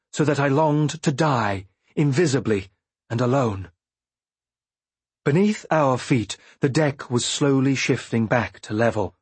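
A man narrating a first-person audiobook in a measured, brooding way. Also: mid-range voice, a little mellow, slightly rough, dry recording.

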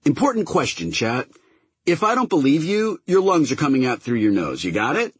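Guy putting on a fierce foul-mouthed lady captain, higher and husky, snarly. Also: big pitch swings, moderate pace, no echo, full character voice. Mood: angry. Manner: snarling, sharp, swears constantly. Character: fierce profane woman ship captain.

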